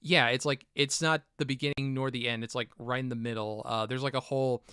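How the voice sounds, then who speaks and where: A man's voice: mid-range voice, steady tone, a little fast, pushed and bright, smooth, dry recording, studio quality. A young man hosting a casual film chat, rambling with many fillers and acting out movie quotes. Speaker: podcast host.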